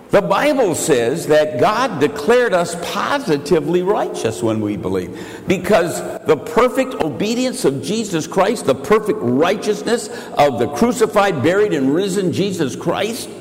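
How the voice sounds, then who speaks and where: An older male pastor preaching a sermon, swinging between shouted declarations and quiet, confiding asides. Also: a little high. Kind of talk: evangelical sermon. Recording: echoey church hall.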